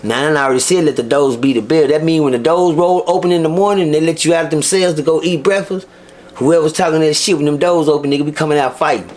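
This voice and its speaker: A man with a Texan accent, telling stories as a guest in an interview with animated, profane delivery. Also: fairly high pitch, fast talker. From Texas. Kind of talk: storytelling interview.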